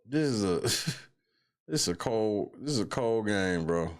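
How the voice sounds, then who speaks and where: A man hosting a live stream, reacting to news clips with loud, mocking, profanity-heavy commentary full of slang. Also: fairly low pitch, lively intonation, slow pace.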